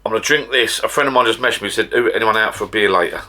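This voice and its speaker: Rambling low-voiced middle-aged British man. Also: very fast, sharp tone. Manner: rambling and chatty, with frequent restarts. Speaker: vlogger. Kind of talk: casual chatty vlog. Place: backyard garden bar shed.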